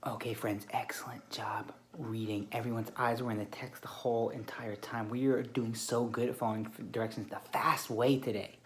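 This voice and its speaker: A man teaching a small group of children at a classroom table, speaking in a calm, deliberate, mid-pitched voice. He narrates and praises each child's behaviour as he goes. A faint hum of room noise sits behind him.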